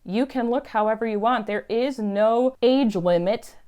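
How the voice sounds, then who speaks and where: A woman's voice: on the high side, unhurried, mellow, clear, resonant tone. A woman telling stories in a chatty, emphatic way on her casual vlog. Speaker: YouTube vlogger.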